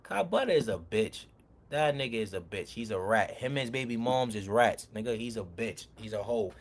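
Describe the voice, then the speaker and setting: A man casually telling a street story, profane and animated, acting out arguments as he goes. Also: fairly low pitch, moderate pace. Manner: animated, profane, acts out confrontations.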